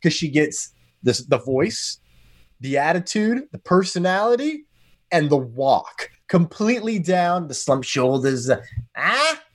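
An American man guesting on a podcast, talking in a rambling, animated way with sudden jumps in pitch. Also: a little slow, dry recording, studio quality. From United States. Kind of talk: casual podcast chat.

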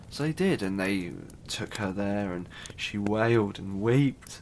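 A man's voice: fairly low pitch, unhurried, hardly any pauses, slight background noise. A man casually retelling a myth, chatty and irreverent, with asides and the odd swear. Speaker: storyteller.

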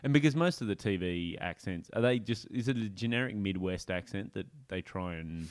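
A man with an Australian accent hosting a podcast, talking in a relaxed way with many fillers. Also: deep voice, no echo. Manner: relaxed, drawn-out, hesitant with fillers. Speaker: podcast host. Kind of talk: casual podcast chat.

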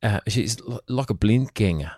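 Male co-host, deep and warm, teasing banter, dry close mic. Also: lively intonation, normal speed, no room sound. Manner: joking, teasing. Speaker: podcast co-host. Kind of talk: casual chat. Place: bedroom. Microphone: headset mic.

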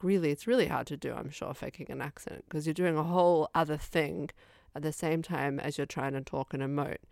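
A woman's voice: low voice, gravelly, darkish tone, no room sound, clean studio sound. A woman co-hosting a casual film chat, rambling with lots of fillers and acting out her reactions. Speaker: podcast co-host.

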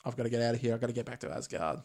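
Podcast host, man, mid-pitched, easygoing recap delivery. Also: very fast. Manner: recaps plot in a relaxed, chatty way with Australian slang. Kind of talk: casual movie recap chat.

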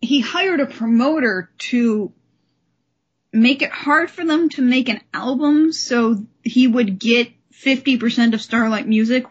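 A woman co-hosts a casual recap podcast and talks in a lively, animated way. Her voice is a little high and husky. The recording sounds dull and lo-fi. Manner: animated, often acts out quoted characters. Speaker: podcast co-host.

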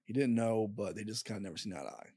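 Brief: young man, lowish voice, dry close sound, rambling casual storytelling, swears a lot. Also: dark tone, breathy edge, no echo. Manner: halting, with frequent fillers and swearing. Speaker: podcast guest.

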